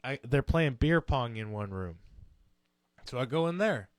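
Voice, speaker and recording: A young man casually telling a long story on a podcast, animated and swearing, acting out quotes in other voices. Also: medium pitch, measured pace, no echo.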